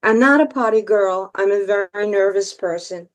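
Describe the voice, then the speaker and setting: An older woman entertainer telling stories as a guest, lively and theatrical, often laughing. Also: medium pitch, moderate pace. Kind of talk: storytelling interview.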